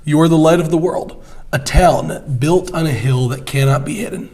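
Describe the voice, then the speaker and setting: Man reading scripture aloud, podcast co-host, higher voice, measured and steady.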